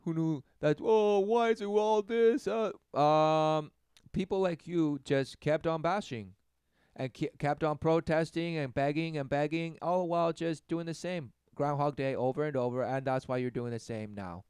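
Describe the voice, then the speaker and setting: A man preaches in a scornful rant and keeps slipping into high, mocking imitations of the people he scolds. His voice is very smooth and clear and sits fairly high for a man. The recording is dry and close. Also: normal speed, a little mellow, no echo. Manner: mocking, mimics others in high sarcastic voices. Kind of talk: sermon rant.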